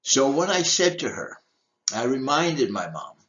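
A man's voice: mid-range voice, big pitch swings, unhurried, a bit bright, muffled recording. An older man, a deacon, giving an emphatic teaching talk with rhetorical questions. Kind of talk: teaching talk on church history.

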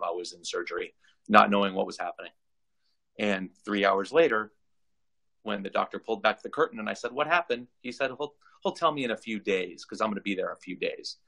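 A man in his forties, from Southern California, with a low voice and a gravelly edge to it. He speaks earnestly, doubling back on his words as he goes. He is heard over a video call. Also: a bit bright, poor audio. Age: 40s. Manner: earnest, repeats words when emotional. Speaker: guest. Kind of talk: casual video call interview.

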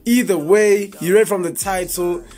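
A man's voice: high voice, fairly even intonation, moderate pace, a little mellow, faint music behind. A young man, chatting casually as a comedy YouTuber introducing his video. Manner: laid-back, chatty, slangy greetings.

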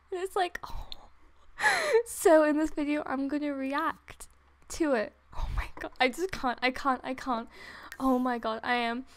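Young woman gamer, high voice, breathless and giddy, keeps breaking off to gasp and giggle, desktop mic at home. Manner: giddy and breathless, laughing, gasping and trailing off. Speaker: gaming YouTuber. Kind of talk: excited gameplay commentary. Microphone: desktop USB microphone.

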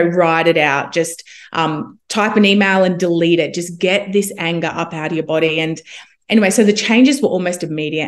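A young woman, a homeopath guest, telling a personal story in a casual, animated way and acting out what others said. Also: on the low side. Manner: animated, quotes others in lively asides.

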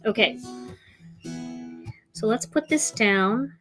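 A woman's voice: on the high side, expressive, slow, music in the background. A woman hosting a live crafting demonstration, chatting with her viewers as she works. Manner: chatty, talks to viewers while working. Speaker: craft show host.

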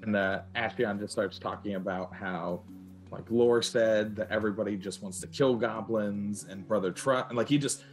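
A man's voice: fairly low pitch, normal speed, faint music behind. A man playing a tabletop game, telling his character's actions in a rambling way with many restarts. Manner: rambling, full of likes and restarts. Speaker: player.

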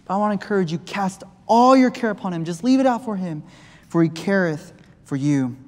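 Impassioned preacher in a reverberant church. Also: male voice, sits high, lively intonation, a little fast. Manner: impassioned, swinging from loud to hushed. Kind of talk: sermon. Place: church sanctuary. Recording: long reverb of a church hall.

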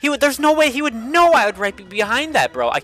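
Young male streamer, bright high voice, game music underneath, cursing, repetitive play-by-play. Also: animated, fast. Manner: frustrated, swearing, repeats himself. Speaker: gaming streamer. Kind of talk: live gameplay commentary. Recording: game music playing behind.

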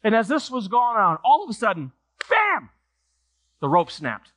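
A man pastor delivering a sermon, telling a story with lively acted voices in a church. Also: high voice, brisk. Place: church sanctuary.

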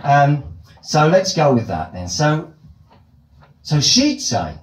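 British stand-up guy spinning a wordy ironic ramble, high voice that jumps all over, roomy club echo. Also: sing-song, takes it slowly. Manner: wordy, ironic, elaborate phrasing. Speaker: stand-up comedian. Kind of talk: stand-up comedy storytelling.

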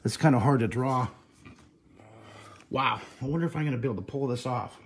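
A man who teaches drawing, chatting in an excitable, rambling way on a live stream, filmed on a handheld phone in a friend's house. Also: medium pitch, brisk, slight background noise. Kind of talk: live-streamed casual chat. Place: living room of a friend's house. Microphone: handheld camera phone.

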